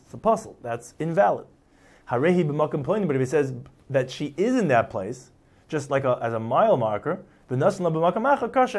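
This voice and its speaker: A man's voice: a little high, darkish tone. Man teaching a Talmud page. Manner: reads Aramaic phrases then paraphrases them in casual English, acting out the speakers. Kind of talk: explaining a text line by line.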